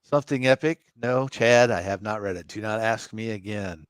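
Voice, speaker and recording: A man's voice: on the low side, normal speed, smooth, dry recording, clean studio sound. A man co-hosting a casual live chat, wry and teasing as he goes through a pile of items. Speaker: co-host.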